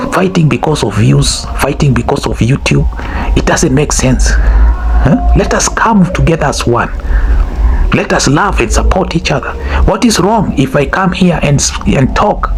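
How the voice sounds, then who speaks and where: A man's voice: fairly high pitch, creaky, background noise. A man with a Kenyan accent, talking to his YouTube audience in a preachy monologue that keeps repeating phrases and asking "huh?". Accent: Kenyan English. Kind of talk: casual monologue to camera.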